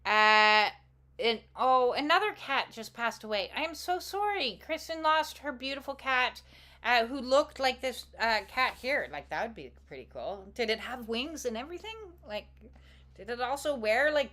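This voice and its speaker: A woman with a somewhat high voice chats loosely to her viewers on a live stream, rambling from one thought to the next. Her talk is playful and warm-hearted, with the occasional casual swear word dropped in. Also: animated, moderate pace. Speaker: oracle card reader hosting a live stream. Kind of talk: casual livestream chat.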